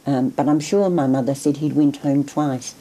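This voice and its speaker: An older woman, reflectively recalling family memories in an oral history interview, pausing and restarting as she goes. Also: a bass voice, dark tone, poor audio. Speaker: interviewee recalling her grandfather.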